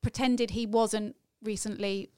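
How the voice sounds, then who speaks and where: A woman's voice: mid-range voice, fairly even intonation, a little slow, mellow, smooth, dry recording. A woman co-hosting a podcast in casual chat, earnest and chatty as she argues her point with a laugh. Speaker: podcast co-host.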